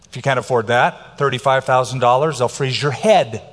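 A man's voice: medium pitch, moderate pace, a bit bright. A middle-aged man preaching a sermon as pastor, emphatic and varying his pace for effect. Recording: long hall reverb.

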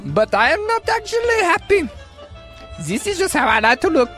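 A man's voice: very high-pitched, sing-song, normal speed, bright, forceful tone, soft background music, pitched above the performer's own voice, exaggerated voice. A man putting on a mock German accent to play a goofy mad-scientist man, with over-pronounced delivery. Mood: hammy. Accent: put-on German.

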